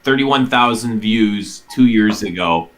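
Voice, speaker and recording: A man's voice: lowish voice, slow, fairly bright tone. A man in a casual conversation, making his point emphatically and insistently. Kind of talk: casual chat.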